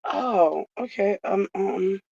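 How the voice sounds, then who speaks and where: Woman streamer, slow casual trivia host, dry close sound, dull lo-fi audio. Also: mid-range voice, creaky, darkish tone, husky, no echo. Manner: reads questions slowly, swears freely.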